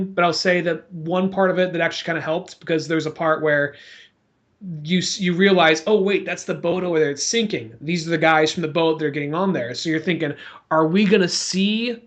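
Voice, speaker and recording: A man co-hosts a relaxed podcast about films. He speaks in an easygoing, chatty manner and breaks into quick acted-out lines from the scenes. His voice is slightly higher than most men's. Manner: laid-back, chatty, acts out lines from scenes. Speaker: podcast co-host. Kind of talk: casual movie chat.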